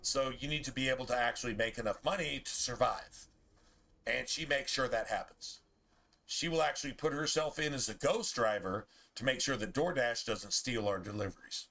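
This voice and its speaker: A man's voice: mid-range voice, moderate pace, bright, forceful tone. A man streaming a game, telling a heated, profane story in casual chat. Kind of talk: ranting chat over gameplay.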